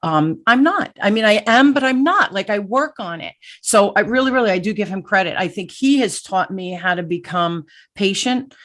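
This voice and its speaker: Energetic middle-aged woman hosting an interview. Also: medium pitch, normal speed, hardly any pauses. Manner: energetic, animated, self-deprecating storyteller. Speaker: podcast host. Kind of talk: casual conversational interview.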